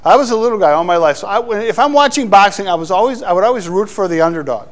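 Male pastor, middle-aged, high-pitched voice, preaching with animated, playful asides. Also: quick pace. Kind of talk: sermon.

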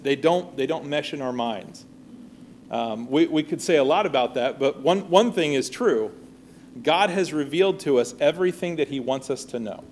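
Male Bible teacher, slightly high voice, conversational class lesson, faint background hiss. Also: darkish tone. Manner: conversational, often checks with "all right?" and "right?".

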